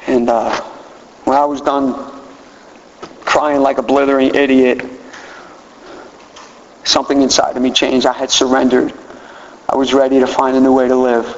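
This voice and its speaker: A man telling a personal recovery story to a meeting in animated storytelling, often repeating his words. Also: mid-range voice, unhurried, pauses often, slight background noise. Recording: echoey hall, dull lo-fi sound.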